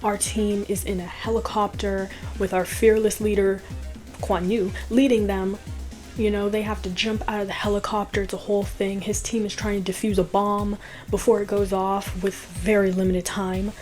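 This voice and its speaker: A woman's voice: medium pitch, little pitch movement, normal speed, a little mellow, faint music behind. Chatty woman recapping a movie. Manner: chatty, laughs often, filler "like". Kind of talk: casual storytelling recap.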